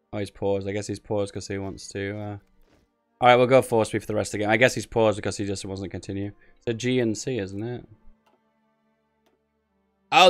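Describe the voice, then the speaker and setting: A man giving casual live commentary on a strategy game tournament, thinking aloud and wandering into rambling asides. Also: lowish voice. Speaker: streamer casting a game tournament.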